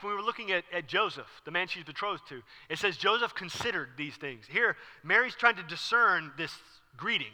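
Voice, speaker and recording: A man preaching a conversational sermon from a church, his fairly high voice cutting and bright. He explains the scripture as a pastor, acting out moments with sudden loud bursts. A long reverb hangs on every phrase.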